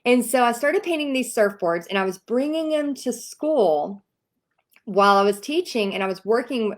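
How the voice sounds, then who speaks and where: Animated Texan woman telling a story. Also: a little high, moderate pace. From Texas. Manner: animated, acts out quoted voices. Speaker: host. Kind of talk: casual storytelling to viewers.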